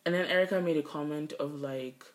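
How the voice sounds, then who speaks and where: A woman's voice: low voice, brisk. A young woman co-hosting a podcast, telling a work story in casual chat, swearing freely as she vents. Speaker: podcast co-host. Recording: echoey room.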